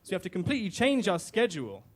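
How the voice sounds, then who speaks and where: On stage at a live storytelling venue, a British man recounts a comic personal story in a wry, self-deprecating way, full of fillers and restarts. His voice sits high, with a sing-song lilt and rapid-fire delivery.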